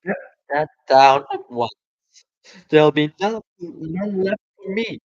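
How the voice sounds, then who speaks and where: A man voicing a greedy male rat in a storybook, shrieking his lines in a shrill scolding voice. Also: lively intonation, slow, dull audio. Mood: indignant.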